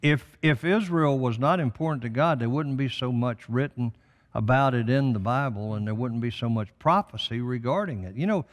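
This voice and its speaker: A man's voice: medium pitch, moderate pace, long reverb tail. An older man, a guest on a talk show, speaking with emphatic, preacherly conviction about faith and prophecy. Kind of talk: impassioned religious talk.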